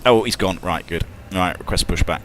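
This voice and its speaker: Here a British airline pilot streams a flight simulator, chatting and cracking jokes over voice chat while calling out checklists, with some mild swearing. He has a deep, slightly bright voice and a British English accent, speaks at a moderate pace, and there's slight background noise.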